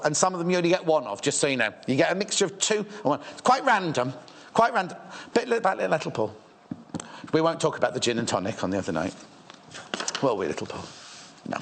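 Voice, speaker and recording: Hosting a live shopping channel, a man gushes about sewing fabrics and drifts into rambling, playful asides to the crew. His fairly high voice swoops all over the place.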